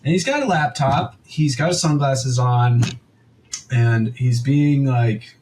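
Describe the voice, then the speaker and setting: A man's voice: mid-range voice, expressive, slow, darkish tone, slight background noise, rough recording. A young man co-hosting a podcast, telling a story in a rambling, casual way full of "like" and quoted asides. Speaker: podcast co-host.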